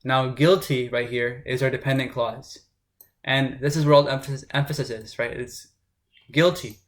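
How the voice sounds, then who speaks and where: Speaking at a normal speed in a medium, steady voice, a man tutors for test prep and walks through grammar rules informally. He frequently pauses to check in with a "right?"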